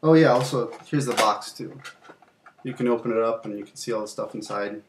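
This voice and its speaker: Speaking a little fast in a lowish voice over background noise, a young channel host rambles casually through his game collection. His show-and-tell is loose, full of fillers and sprinkled with mild swearing.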